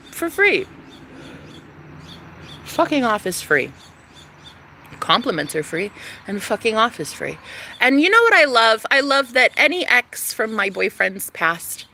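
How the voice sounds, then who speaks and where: A young woman venting to her camera in a sassy, foul-mouthed vlog monologue. Her bright voice has a gravelly edge and leaps all over in pitch. She turns from loud outbursts to hushed asides. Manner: sassy, profane, dramatic, swinging from loud to hushed. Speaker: vlogger.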